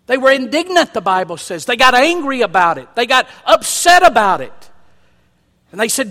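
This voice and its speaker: Pastor guy preaching, real high bright voice, swells up loud, long echo off a big church hall. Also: sing-song, moderate pace. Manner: preaching, rising to loud emphatic calls. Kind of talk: sermon. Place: church sanctuary.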